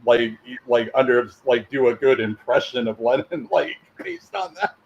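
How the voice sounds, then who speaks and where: An animated man chatting with a lively, swooping pitch, rambling and peppering every thought with "like". The sound is dull and lo-fi, as from a modest home setup. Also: normal speed, a little hiss or hum. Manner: rambling, says "like" constantly, laughing. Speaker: podcast co-host. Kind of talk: casual chat.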